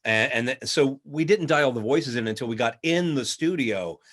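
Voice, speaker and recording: A man, a voice actor guest in a casual interview, telling lively stories and slipping into voices. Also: mid-range voice, normal speed. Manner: lively anecdotal, acts out voices mid-story.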